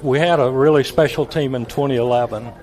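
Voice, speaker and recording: A man, a retired stadium announcer, telling stories in a folksy, halting way with repeated words. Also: medium pitch, darkish tone. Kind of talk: reminiscing guest on a talk show.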